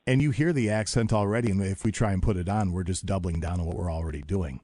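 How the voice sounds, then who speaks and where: Jokey lower-voiced radio host, dry mic. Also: male voice, mellow, dry recording. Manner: jokey, rambling, quick asides. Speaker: morning radio show host. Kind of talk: casual radio chat. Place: radio studio.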